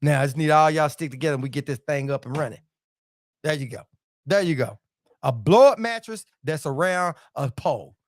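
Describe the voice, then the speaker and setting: A man's voice: on the high side, expressive, brisk, no echo, clean studio sound. A middle-aged man hosting a casual livestream, reading viewer comments aloud and joking, with a playful manner and frequent repeated phrases.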